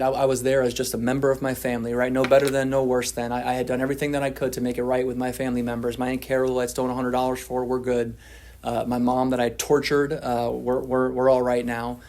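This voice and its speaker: Guy sharing his story at a recovery meeting, pretty flat delivery, candid and self-deprecating, lots of restarts. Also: mid-range voice. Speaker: twelve-step speaker.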